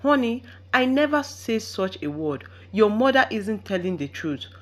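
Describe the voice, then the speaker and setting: A woman's voice: mid-range voice, sing-song, a little slow, pitched above the performer's own voice. A woman voicing a hurt young wife who pleads tearfully in a storybook reading. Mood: pleading.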